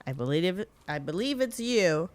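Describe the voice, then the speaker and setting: A woman's voice: on the low side, very animated, moderate pace. A woman co-hosting a podcast, chatting casually and laughing easily through jokey banter. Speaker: podcast co-host. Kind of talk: casual chat.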